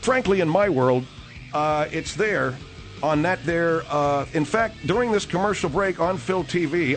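Gruff mocking radio host man. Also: fairly high pitch, a little slow, soft background music. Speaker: radio talk show host. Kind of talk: comic talk radio.

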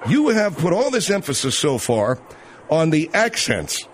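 A man's voice: a little high, sing-song, a little slow, slight background noise. A male radio host questioning a caller in a skeptical, probing way. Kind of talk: talk radio interview.

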